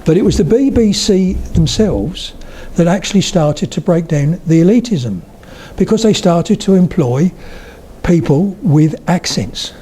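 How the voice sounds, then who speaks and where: A man's voice: sits high, expressive, unhurried, mellow, a little hiss or hum. An older man giving a public lecture, telling humorous anecdotes as he goes. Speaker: speaker on the history of spoken English.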